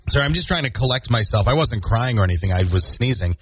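A man with a husky, slightly rough voice hosts a morning radio show with a lively, bouncing delivery. He jokes around casually between weather updates and ad reads. The studio mic sounds dry, with faint music underneath. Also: medium pitch, fast talker, no echo. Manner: chatty, jokey, animated delivery.

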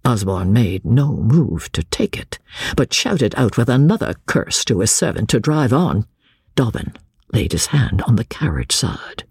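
A man reading a classic novel aloud in slow, expressive storytelling with hushed asides. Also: mid-range voice, slightly rough, no room sound, studio quality. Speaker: narrator. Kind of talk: audiobook narration.

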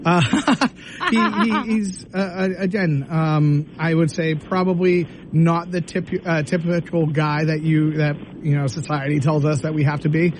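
A man doing a tarot reading on a radio show, asking gentle, probing questions. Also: a little high, steady tone, measured pace, a little hiss or hum, poor audio. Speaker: tarot reader.

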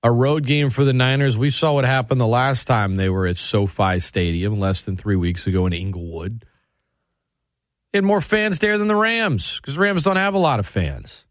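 A man hosting a sports radio show, talking in an animated, sarcastic way and swinging his pitch for emphasis. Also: normal speed, no room sound, studio quality. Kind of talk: opinionated sports talk.

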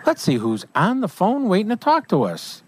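A man's voice: high voice, wildly swooping pitch, moderate pace, slightly rough, no echo. A man hosting an outdoors radio show, chatting in a jovial, playful way with a caller. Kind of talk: casual outdoors radio chat.

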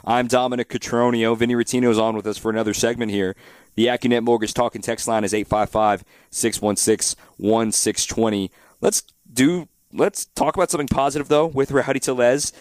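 A man hosting a sports talk radio show, talking through a baseball game in a steady, direct way. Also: mid-range voice, fairly quick, no echo. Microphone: studio microphone.

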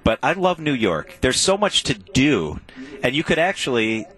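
A man's voice: medium pitch, sing-song, normal speed, fairly bright tone, poor audio. A man co-hosting a TV show, chatting casually in an enthusiastic, jokey way. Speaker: TV show co-host. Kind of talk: casual TV chat.

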